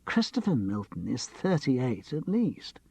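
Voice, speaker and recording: A man's voice: medium pitch, wildly swooping pitch, measured pace, gravelly, dark tone, breathy edge, dry recording, full character voice. A man voicing a nervous, theatrical young actor with a camp, lightly mocking way of talking. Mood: drawling.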